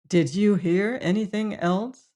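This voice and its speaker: A woman's voice: medium pitch, takes it slowly, mellow, natural voice. A woman reading an audiobook, voicing a stern, baffled male prison warden who asks pointed questions. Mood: puzzled. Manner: demanding, questioning.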